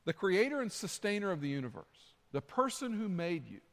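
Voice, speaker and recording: A man's voice: high-pitched, big pitch swings, brisk, in a large hall. A man preaching a sermon as pastor, earnest and conversational, repeating his phrases. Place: church sanctuary.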